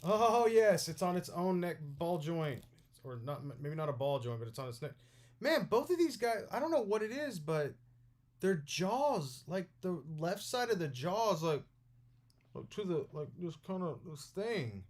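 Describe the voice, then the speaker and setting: A young man giving casual, rambling unboxing commentary, excitable and full of filler words. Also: high voice, normal speed. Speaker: toy unboxing vlogger.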